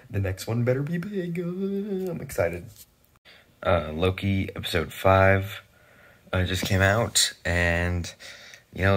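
A man's voice: low voice, a bit bright. A man reviewing a TV show in a casual, rambling vlog, full of "like" and "I don't know" fillers, swearing freely.

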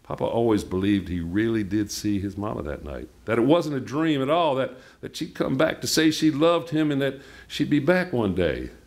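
A man reading a novel aloud at a live event, with storytelling delivery and soft trailing line ends. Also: mid-range voice, very animated, normal speed, few pauses. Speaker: guest reader.

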